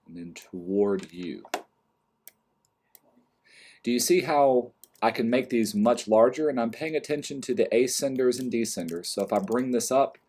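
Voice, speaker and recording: A man calmly walking through a screen-recorded design software tutorial step by step, with mouse and keyboard clicks behind him. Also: mid-range voice, a little fast, hardly any pauses, a little hiss or hum. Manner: calm step-by-step explaining, trailing off quietly. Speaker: design instructor.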